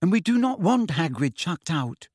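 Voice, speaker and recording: Guy putting on a grumpy know-it-all schoolgirl, higher voice, snappy. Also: sing-song, moderate pace, a little mellow, breathy edge, no echo, clean studio sound, full character voice. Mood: irritated. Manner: snappish, raised and clipped. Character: clever, bad-tempered teenage schoolgirl. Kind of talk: audiobook character voice.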